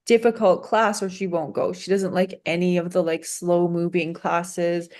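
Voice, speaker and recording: A woman's voice: on the low side, level tone, moderate pace, darkish tone. A woman teacher talking casually and chattily, laughing often and saying "like" a lot. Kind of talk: casual conversation.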